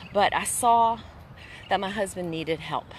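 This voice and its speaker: Speaking slowly in a mid-range voice, a woman host shares her personal faith testimony in casual conversation. She is earnest and emphatic, preaching-style, repeating phrases to give them weight, with a little hiss or hum in the background.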